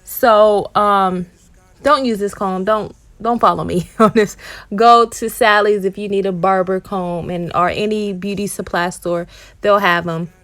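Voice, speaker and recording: A woman of middle pitch narrates a home haircut in a chatty, explanatory voice-over. She leans on casual fillers as she walks viewers through each step. Her voice sits close and dry, with no room around it. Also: fairly even intonation, measured pace, fairly bright tone, no echo. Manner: chatty, explanatory, with frequent ums and likes. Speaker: mother and natural hair vlogger.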